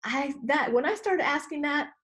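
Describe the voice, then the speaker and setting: A middle-aged woman, a business coach being interviewed, talking expressively and acting out inner voices with sudden high exclamations. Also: lively intonation, normal speed, fairly bright tone. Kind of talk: animated interview talk.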